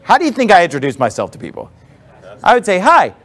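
A man's voice: high voice, wildly swooping pitch, quick pace. A man preaching a sermon as a pastor in a church, blunt and emphatic, with sarcastic asides. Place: church with a responding congregation.

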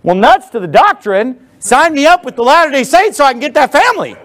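A man's voice: very high voice, big pitch swings, a little fast, fairly bright tone. A man preaching a sermon as a pastor in a church, blunt and emphatic, with sarcastic asides. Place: church with a responding congregation.

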